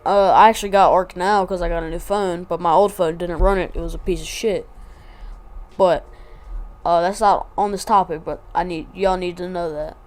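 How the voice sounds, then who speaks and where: A woman's voice: lowish voice, fairly even intonation, normal speed. A woman vlogger telling a casual story, rambling and slangy with lots of asides.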